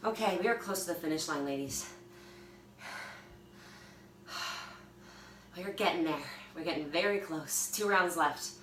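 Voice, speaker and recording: A woman's voice: fairly low pitch, measured pace, long pauses. A woman leading a home workout class, chatting and cheering viewers on between breaths, filmed on a phone from across the room. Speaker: fitness instructor. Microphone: phone camera from a distance. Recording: echoey room, distant phone mic, background noise.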